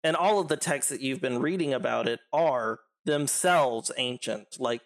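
A man's voice: medium pitch, normal speed. A man narrating a tabletop game as game master, rambling with many fillers and laughing easily.

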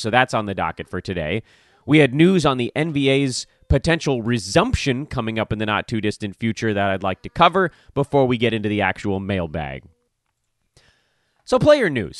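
Slightly hoarse guy hosting a sports podcast, voice bouncing all over, super dry close mic. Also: medium pitch, dry recording. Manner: animated, quick asides and mock-dramatic openings. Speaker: podcast host. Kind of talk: energetic podcast chat.

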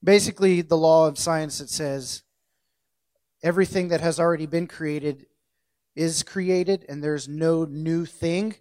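A man's voice: a little high, steady tone, a little slow, a little mellow. A man preaching a casual, conversational sermon, joking at his own slips and correcting himself as he goes. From central United States. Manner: jokey, self-correcting, loosely conversational.

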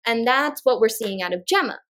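Expressive, a little high and a bit bright, this woman co-hosts a podcast and chats through a fast reality-show recap, acting out cast quotes. There is slight background noise.

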